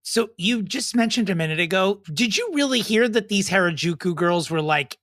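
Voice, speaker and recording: A man co-hosting a comedy podcast in casual chat, throwing in quick sarcastic quips. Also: high-pitched, expressive, fairly bright tone, dry recording, studio quality. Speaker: podcast co-host.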